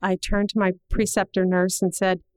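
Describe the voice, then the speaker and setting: A woman's voice: mid-range voice, level tone, darkish tone, clean tone, dry recording, poor audio. Earnest middle-aged woman telling a story. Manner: earnest, measured, slowing at heavy moments. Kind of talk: personal story told to an audience.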